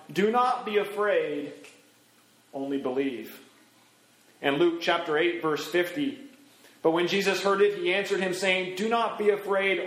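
A middle-aged man preaching a sermon as a pastor, animated, swinging his pitch up and down as he acts out quoted voices. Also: echoey room, low-quality recording.

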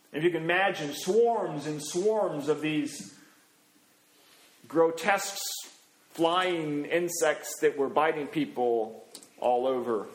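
Folksy preacher man in an echoey hall. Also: on the high side. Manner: folksy, anecdotal, many fillers. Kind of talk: sermon.

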